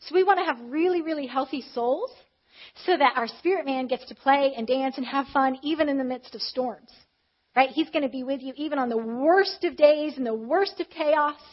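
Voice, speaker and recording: Woman preacher, high bright voice, chatty storytelling sermon, slightly muffled audio. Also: normal speed. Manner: candid, animated retelling with acted quotes.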